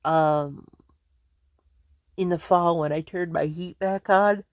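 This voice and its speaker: A woman's voice: fairly low pitch, fairly even intonation, slow, no room sound, clean studio sound. A woman chatting casually to her viewers from home, rambling and laughing often. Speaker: vlogger. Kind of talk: casual chat to camera.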